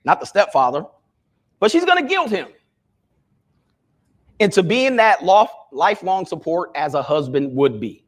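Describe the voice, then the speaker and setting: Brief: male commentator in a clip, high voice, steady explaining. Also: unhurried, pauses often.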